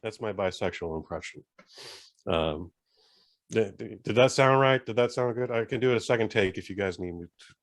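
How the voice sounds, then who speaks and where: A man's voice: fairly low pitch, a little fast. A man co-hosting a podcast in casual chat, blunt and emphatic, swearing as he rants. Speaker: podcast co-host.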